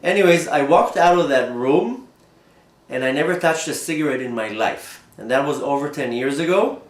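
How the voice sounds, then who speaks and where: A man's voice: on the high side, moderate pace. Man telling a story in a roomy echo. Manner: animated, repeats and restarts words. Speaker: rabbi. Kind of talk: storytelling talk.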